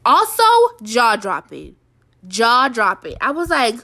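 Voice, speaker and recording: A woman's voice: a little high, lively intonation, normal speed, fairly bright tone. A woman hosting a review show, talking in a chatty, emphatic way full of fillers and repetition. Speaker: show host reviewing TV episodes. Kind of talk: casual review monologue.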